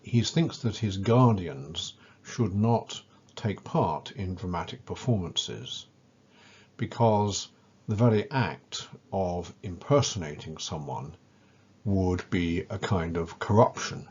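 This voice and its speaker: A man with a very low, slightly husky voice delivers a careful lecture at an unhurried pace. He speaks with measured weight and stresses the important words. The recording sounds a little dull and lo-fi. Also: a little mellow. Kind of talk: scripted educational lecture.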